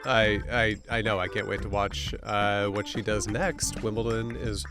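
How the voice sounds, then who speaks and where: A man hosting a political podcast in a relaxed, casual way, with easy banter and some hesitations. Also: fairly low pitch, measured pace, music in the background. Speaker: podcast host.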